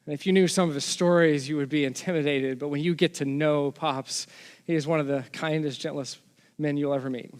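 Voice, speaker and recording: A man's voice: fairly high pitch, steady tone, fairly quick, clear, resonant tone, long reverb tail. A man from Texas, a pastor giving a sermon in a conversational storytelling way, often restarting his phrases.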